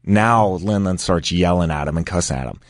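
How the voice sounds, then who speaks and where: A man telling a casual story in an animated way, acting out the voices of the people involved. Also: low-pitched, fairly quick, no echo, clean studio sound. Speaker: guest storyteller.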